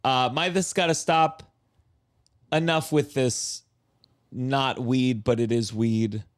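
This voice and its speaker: A man's voice: mid-range voice, steady tone, slow pace, dry recording, studio quality. A man chatting casually on a comedy podcast, riffing with wry complaints.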